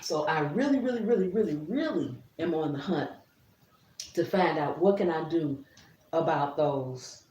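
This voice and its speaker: A woman's voice: sits low, normal speed, a little hiss or hum. A middle-aged woman and grandmother, telling a gardening story to camera with lots of laughter. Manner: laughs often, animated storyteller. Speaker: gardening vlogger. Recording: roomy, a bit distant.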